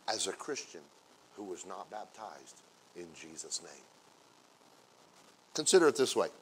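A man preaching as a pastor, acting out everyday scenes in playful quoted voices and building from quiet asides to loud, drawn-out exclamations. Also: on the low side, slightly rough. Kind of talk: sermon.

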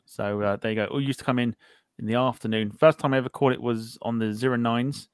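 A man talks in a relaxed, chatty way as he hosts a podcast and reads out comments from his viewers. He jokes along and trips over the odd word. His voice is mid-pitched and sounds close and dry, with almost no room sound. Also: quick pace, clear, resonant tone, no room sound. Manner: chatty, jokey, stumbles over words. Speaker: podcast host. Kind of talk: casual chat reading viewer comments.

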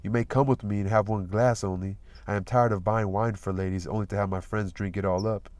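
A man's voice: on the low side, fairly even intonation, fairly quick, darkish tone, no echo, lightly acted. A man reading aloud, voicing a boastful young man who speaks gallantly and at times tartly. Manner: gallant, sometimes tart.

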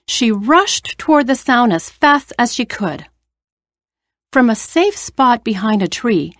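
A woman reading a children's story aloud in a clear, careful way. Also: mid-range voice, no echo, studio quality. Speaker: story reader.

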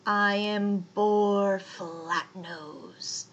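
A woman voicing a fat male boar who grunts and snorts out his words slowly. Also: steady tone, muffled recording. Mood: gruff. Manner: slow, low grunting.

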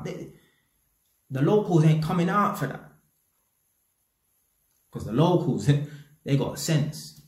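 This English YouTube commentator speaks in a sing-song, slightly high voice, slowly and with frequent pauses, in an echoey room. With his London accent he gives his audience a blunt, slang-laden rant, swearing freely.

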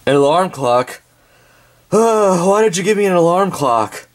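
A man's voice: sits high, expressive, unhurried. A man voicing a gloomy, grumpy dog who grumbles in an amateur toy drama. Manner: glum, grumbling.

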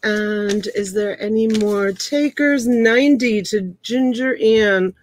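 A woman's voice: medium pitch, takes it slowly, slight background noise. Chatty fifty-something woman running an auction. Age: 50s. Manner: chatty, reads out bids and greets viewers by name. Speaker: live auction host. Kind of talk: casual live-stream auctioneering. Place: home.

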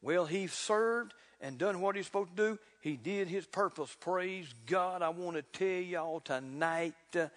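A man preaching a sermon in a folksy, fervent way, building to loud exclamations. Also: high-pitched, unhurried, hardly any pauses. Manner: folksy, repeats "look here". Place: church sanctuary. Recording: reverberant church hall.

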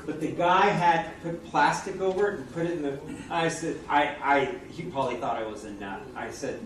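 A man's voice: fairly high pitch, normal speed, a bit bright. A man giving a chatty product presentation, asking the audience questions, recorded from a distance in a noisy, echoey room. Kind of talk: live product talk to an audience.

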